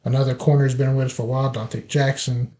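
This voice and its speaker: A man hosting a casual sports podcast, listing players in a relaxed, chatty way. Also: medium pitch, fast talker. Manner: opens with playful scripted biblical flood wordplay, then relaxed listing. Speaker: podcast host.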